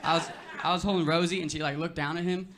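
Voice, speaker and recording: On a club stage, a young stand-up comedian talks fast in a steady, higher voice, with background noise around him. His loose, laid-back set is heavy with "like" and "you know," and the audience laughs along.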